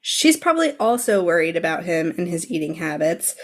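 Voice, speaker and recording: A woman's voice: fairly low pitch, big pitch swings, brisk. A woman co-hosting a podcast in casual chat, stuffy-nosed from a cold, emotional and swearing freely. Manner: emotional, swears casually, acts out quoted lines. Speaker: podcast co-host.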